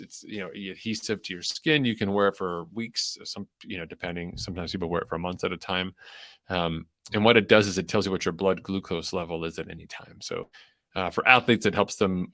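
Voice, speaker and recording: A man's voice: low voice, a bit bright, dry recording, studio quality. A young adult man hosting a podcast in a loose, rambling way, full of fillers and restarts. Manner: rambling, filler-heavy, self-interrupting. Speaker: podcast host. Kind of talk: casual chat.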